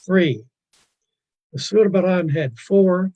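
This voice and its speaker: Husky-voiced man giving a rambling art talk. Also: sits high, slow pace, mellow, low-quality recording. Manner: digressive, self-deprecating, stumbling restarts. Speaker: art lecturer. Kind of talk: virtual museum art talk.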